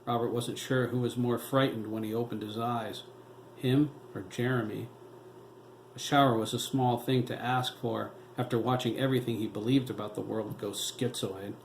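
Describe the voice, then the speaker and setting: A man, the author, reading his novel aloud as steady audiobook narration. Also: medium pitch, moderate pace, vocal fry. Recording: roomy echo, faint noise.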